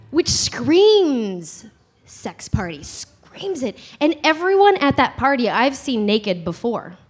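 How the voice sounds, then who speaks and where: A woman telling a comic personal story live, giggling and acting out the voices of others. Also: high-pitched. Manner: animated, giggly, acts out quotes.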